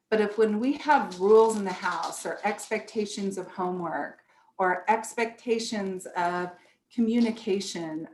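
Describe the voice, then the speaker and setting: A woman's voice: medium pitch, slight background noise. A woman presenting a workshop, explaining step by step and acting out example thoughts. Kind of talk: online workshop talk. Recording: echoey room.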